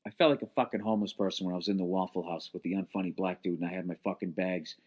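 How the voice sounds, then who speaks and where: A man's voice: deep voice, steady tone, rapid-fire, a little mellow. A man hosting his podcast, telling a long profane story in a rambling, exasperated way, tired and worn out. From United States. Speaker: podcast host. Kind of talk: casual storytelling monologue. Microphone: podcast mic at a laptop.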